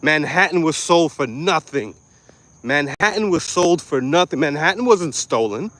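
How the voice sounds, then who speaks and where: A man's voice: on the high side, lively intonation, unhurried, fairly bright tone. A young man from New York City giving a blunt, aggressive commentary full of profanity and street slang. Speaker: online commentator. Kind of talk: ranting commentary.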